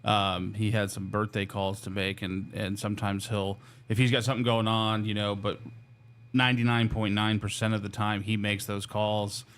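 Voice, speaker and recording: A man's voice: on the low side, flat delivery, moderate pace, fairly bright tone. A man hosting a casual workplace chat show, talking freely and laughing through his stories. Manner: chatty, laughs while telling stories. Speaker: host. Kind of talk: casual company podcast chat.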